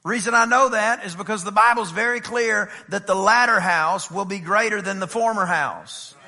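A middle-aged man preaching a sermon as pastor, emphatic and swinging from loud declarations to low, intimate asides. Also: moderate pace, vocal fry. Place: church sanctuary. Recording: long hall reverb in a church.

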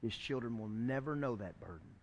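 A male pastor preaching a sermon, emphatic and joking, building up to shouted lines. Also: mid-range voice, animated, fairly quick.

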